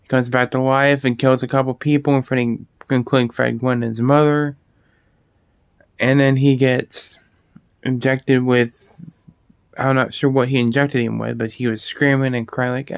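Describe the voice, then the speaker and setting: A man's voice: mid-range voice, a little slow, clear, resonant tone, no echo, studio quality. A man talking casually about horror movies, rambling and swearing freely, with frequent restarts and fillers. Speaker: video host.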